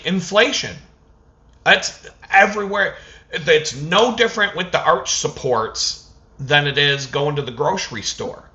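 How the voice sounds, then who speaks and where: A man rants through a story in a casual vlog, swearing freely and slipping into quick impressions of the people involved. His voice is bright and forceful, and the recording sounds slightly dull and lo-fi. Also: medium pitch. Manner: profane, animated storytelling with acted-out quotes. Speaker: vlogger.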